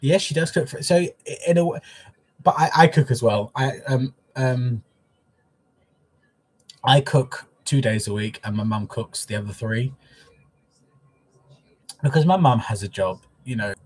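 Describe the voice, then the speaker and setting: Brief: male livestream host, husky tone, soppy and chatty, recorded at home. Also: medium pitch, a little slow, pauses often. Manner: openly emotional, soppy, chatty. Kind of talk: casual live-stream chat. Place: at home, in a living room.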